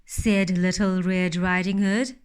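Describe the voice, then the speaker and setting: Slow gentle woman reading a fairytale. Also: lowish voice, fairly even intonation, clear, resonant tone. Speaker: storyteller. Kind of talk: storybook reading.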